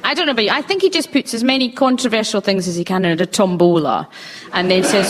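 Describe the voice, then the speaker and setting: A British woman hosts a radio comedy panel, making wry asides as she moves things along. Her voice sits at a middle pitch and is plainly recorded. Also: fast, a crowd in the background. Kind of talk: comic panel hosting. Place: radio studio before a live audience.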